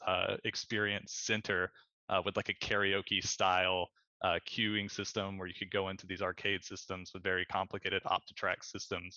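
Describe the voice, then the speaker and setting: A man in his thirties giving a casual, rambling panel presentation over a video call, talking fast with lots of fillers. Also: deep voice, pushed and bright, no room sound, lo-fi sound. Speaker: panel presenter, studio co-founder.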